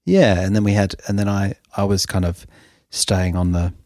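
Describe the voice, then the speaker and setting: Man, podcast co-host, lowish voice, chatty storytelling, dry sound. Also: flat delivery, moderate pace, a little mellow, dry recording. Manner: chatty, anecdotal, self-interrupting with restarts. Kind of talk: casual chat.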